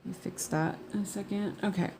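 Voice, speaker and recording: A woman's voice: mid-range voice, fairly even intonation, fairly quick, a little mellow, a little hiss or hum. A woman chatting casually while she stitches, often mumbling to herself as she works and laughing at her own mistakes. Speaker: cross-stitch crafter. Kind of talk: casual stitch-along chat.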